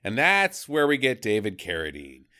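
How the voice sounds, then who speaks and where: A man on a casual movie-riffing podcast, talking with a lively, swooping pitch. He mocks the film's lines in a gruff, profane put-on voice and keeps the chat sarcastic and loose. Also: moderate pace. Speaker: podcast co-host.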